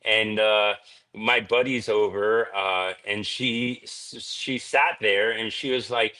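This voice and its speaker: A man's voice: medium pitch, unhurried, bright, forceful tone. A man guesting on a podcast, telling stories in a laid-back, rambling way, dropping "man" and "dude" constantly. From Florida. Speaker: reptile breeder, podcast guest. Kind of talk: casual storytelling chat.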